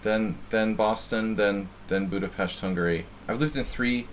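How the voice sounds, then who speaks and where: A man's voice: on the low side, normal speed, a little hiss or hum. A man from New Jersey giving casual live-stream chess commentary, thinking aloud and often repeating words as he muses. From New Jersey, USA.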